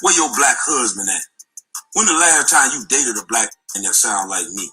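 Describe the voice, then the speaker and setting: A man's voice: medium pitch, animated, moderate pace, sharp tone, slightly rough, faint music behind, rough recording. A man delivering a heated, confrontational and profane rant, with scornful laughs. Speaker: guest.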